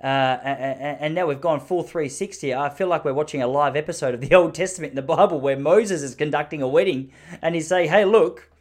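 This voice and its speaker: A man's voice: fairly high pitch, fast, a little mellow. A man rambling sarcastically in a casual comedic monologue, acting out quoted voices as he goes.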